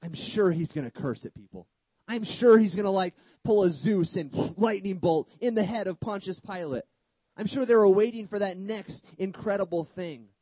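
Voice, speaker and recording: A man preaching a sermon with emphatic delivery, rhetorical questions, sudden hushed drops and casual humorous asides. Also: high voice, normal speed, husky, no echo, low-quality recording.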